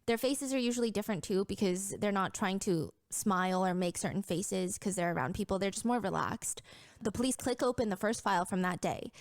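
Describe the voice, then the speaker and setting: Female true-crime narrator, calm and measured, dry close recording. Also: medium pitch, no echo.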